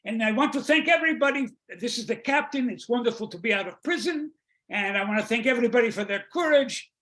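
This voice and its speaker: A man's voice: extremely high pitch, lively intonation, quick pace, sharp tone, voice pushed up, full character voice. A man voicing a jovial, disgraced male ship captain with an Italian accent, giving a breezy, cheerfully apologetic announcement over a video call.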